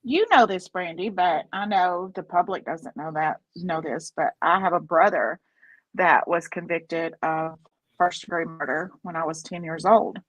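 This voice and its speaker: A woman's voice: lowish voice, a little slow, no echo, low-quality recording. A woman co-host speaking earnestly and emphatically in a casual chat.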